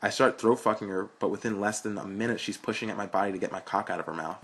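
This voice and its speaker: Young guy reading his story out loud, kinda low and husky, blunt and crude. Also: fairly even intonation, fast. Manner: frank, blunt, profane storytelling. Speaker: narrator.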